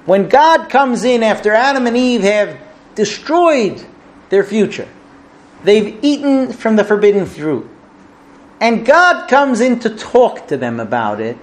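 Impassioned high-voiced man teaching Torah. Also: very animated, measured pace. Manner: impassioned, rhetorical, dramatic questions, chants Hebrew verses. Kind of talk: Torah class on the Book of Lamentations.

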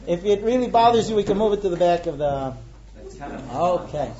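A man leading a ritual meal and explaining each step to his guests in a brisk, good-humored way. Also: high-pitched, lively intonation, mellow, highs cut off. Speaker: seder leader. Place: room with a group of guests.

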